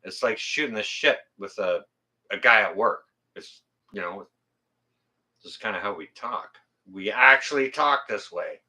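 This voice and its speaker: A man's voice: on the low side, animated, unhurried, sharp tone. A man hosting his own channel, chatting casually with viewers on a livestream, blunt and plain-spoken and swearing freely, rambling and correcting himself as he goes. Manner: rambling, self-correcting delivery. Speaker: YouTube channel host. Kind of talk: casual livestream chat reading viewer comments.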